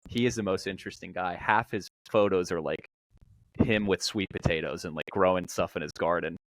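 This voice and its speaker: A man's voice: low-pitched, a little fast, no echo, poor audio. A man, a pro player and guest co-host, chatting on a podcast with enthusiastic, upbeat praise. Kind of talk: casual podcast chat.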